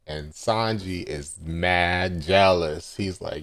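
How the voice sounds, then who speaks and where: A man's voice: low-pitched, takes it slowly. A man hosting a casual live manga reaction, recapping scenes and quoting characters with laughs.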